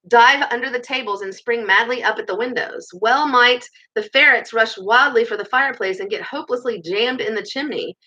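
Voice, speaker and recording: A woman reading a children's novel aloud in a lively way, with chatty asides, in a muffled recording. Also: fairly high pitch. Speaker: storybook reader.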